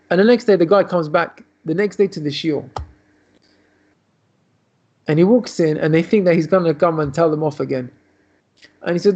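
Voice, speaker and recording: A man's voice: a little high, a little fast, pauses often, darkish tone. A man, a rabbi, teaching a lesson by telling a story in a loose, run-on way over a video call. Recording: dull lo-fi video call audio.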